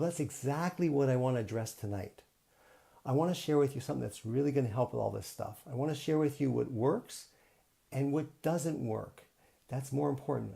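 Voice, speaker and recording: A man with a gravelly, mellow voice gives a live motivational talk. He speaks earnestly and plainly, circling back over his points like a coach guiding listeners. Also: mid-range voice. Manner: earnest, repetitive, teacherly. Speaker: self-help coach. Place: home, streaming live online.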